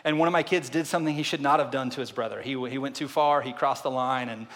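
A man preaches a sermon in a voice of middling pitch. He drops to near hushes and then climbs to loud peaks, firing off repeated rhetorical questions. His words ring out with a long reverb from a large hall. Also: fairly even intonation, quick pace. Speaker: pastor.

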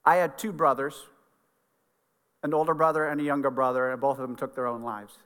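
A man's voice: mid-range voice, flat delivery, fairly quick, fairly bright tone, clear, resonant tone, big-room sound. A middle-aged man, a pastor, giving an earnest, conversational sermon in a church sanctuary.

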